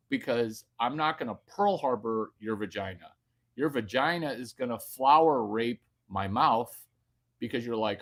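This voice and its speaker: A man delivering a rambling, crude comedic rant, jumping from loud bursts to hushed baby talk. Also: mid-range voice, animated, measured pace. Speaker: vlogger.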